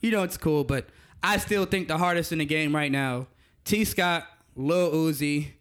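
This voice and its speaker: A young man with a slightly raised pitch holds forth in a casual podcast chat. He is blunt and opinionated and swears freely. His slang-heavy delivery makes every take sound certain. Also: normal speed, fairly bright tone, clean tone. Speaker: podcast co-host.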